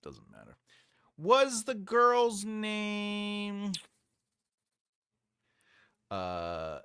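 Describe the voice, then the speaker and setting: A man hosting a relaxed livestream, reading viewer comments aloud and drifting into tangents. His voice swoops widely in pitch while he talks at an unhurried pace. The sound is close and dry. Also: smooth, no room sound. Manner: rambling, trails off searching for names, laughs often. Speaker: writing livestream host.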